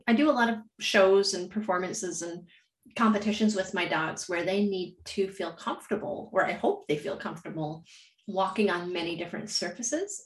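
A woman co-hosting a casual chat, laying out her training plans in a measured, orderly way. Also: mid-range voice. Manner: measured, lays out plans in order, laughs easily. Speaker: dog trainer, co-host. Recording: roomy echo.

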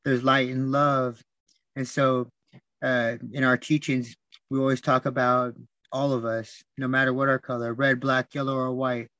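A man talking as a podcast guest, telling stories in a soft, reflective way, repeating words and restarting often. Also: mid-range voice, flat delivery, moderate pace, no echo. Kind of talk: reflective storytelling.

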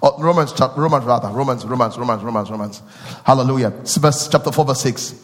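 A male preacher giving a sermon, repeating phrases and questioning his listeners, rising from quiet teaching into sung and shouted peaks. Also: medium pitch, fairly quick, long reverb tail.

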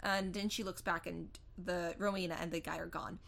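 A woman co-hosting a casual film recap chat, retelling the plot and acting out lines in quick voices. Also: lowish voice, steady tone, gravelly, fairly bright tone. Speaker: podcast co-host.

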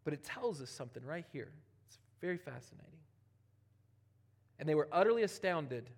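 A man preaching a sermon, animated and conversational, swinging from loud emphatic passages to quiet, near-whispered ones, with casual asides. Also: a little high, fairly quick, gravelly. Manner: conversational, with casual asides and playful quoted voices. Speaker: pastor.

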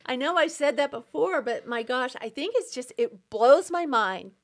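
A woman's voice: sits high, lively intonation, normal speed. A middle-aged woman hosting her own podcast, speaking an emphatic, indignant personal monologue and getting worked up as she talks. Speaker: podcast host.

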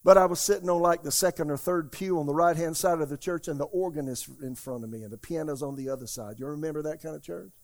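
A man preaching an Easter Sunday sermon as pastor, emphatic and calling out to the congregation, swinging from loud declarations to quiet asides. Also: fairly high pitch, quick pace, few pauses. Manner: emphatic preaching, asks the congregation "How many hear me?".

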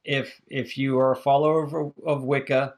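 A man co-hosting a casual film podcast, animated and quick to laugh, often acting out what others said. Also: mid-range voice. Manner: animated, laughs and acts out quoted voices. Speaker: podcast co-host reviewing films. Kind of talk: casual chat.

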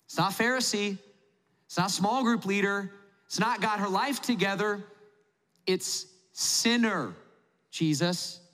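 A man's voice: high voice, animated, brisk, sharp tone. A man voicing a smug, self-important Pharisee host who talks in a pushy, chummy way. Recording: long hall reverb.

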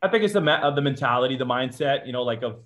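Fast-talking man from Georgia telling stories. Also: mid-range voice, expressive, a bit bright. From Georgia, USA. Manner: chatty, acts out quotes, frequent "like" and "uh" fillers. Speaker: interview guest, former Marine. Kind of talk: casual storytelling in an interview.

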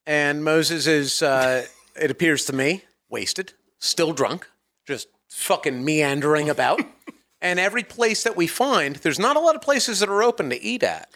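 Profane, animated man telling a story. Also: on the high side, a little slow. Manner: profane, animated storytelling, mock-angry outbursts. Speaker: podcast co-host. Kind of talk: casual storytelling chat.

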